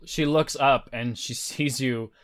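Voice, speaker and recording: A man narrating as game master, with a relaxed manner full of fillers. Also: mid-range voice, slow pace.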